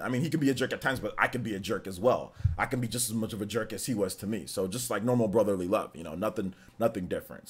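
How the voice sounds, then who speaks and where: A man hosting a casual live stream, telling stories with animated energy and breaking into shouts when excited. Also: low-pitched, husky. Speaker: livestream host.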